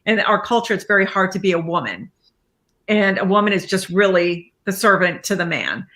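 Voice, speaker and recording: A woman with a bright, forceful voice tells her personal story as a guest life coach. She is animated, laughing often and acting out the voices of the people she quotes. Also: medium pitch, moderate pace. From Iraqi family background, raised in America. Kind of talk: casual storytelling interview.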